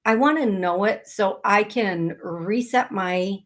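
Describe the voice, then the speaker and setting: A woman's voice: medium pitch, slow pace. A middle-aged woman hosting a live call-in show as a psychic medium, talking in a chatty, blunt way and laughing at her own asides.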